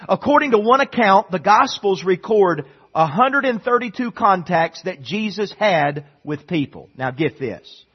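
A man preaching a sermon, his voice high and a little husky. He swings from loud, emphatic declarations down to near-murmured stretches. The sound is dull and lo-fi. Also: expressive, unhurried. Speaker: pastor.

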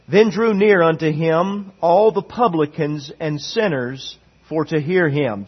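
A man's voice: fairly high pitch, breathy edge. A man preaching a sermon as pastor, emphatic and repetitive, reading scripture aloud, recorded in dull lo-fi sound.

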